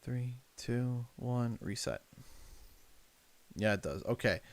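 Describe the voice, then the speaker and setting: A man in his thirties rambles through a gaming livestream from his home setup. He tells stories with a swinging, lively pitch, breaking into laughter and acting out other people's voices. His voice sits in a middle register. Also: slow. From Canada. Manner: chatty, laughing storyteller, acts out voices. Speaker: livestreaming gamer. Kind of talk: casual livestream chat.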